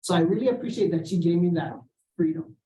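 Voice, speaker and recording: A middle-aged man from Hawaii giving a seminar talk, telling a personal story, acting out the dialogue, clearing his throat and adding "right?" as he goes. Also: high voice, fast. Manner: animated, acts out quoted dialogue, often clears throat and adds "right?". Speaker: seminar speaker. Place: lecture room. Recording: echoey room, voice far from the mic.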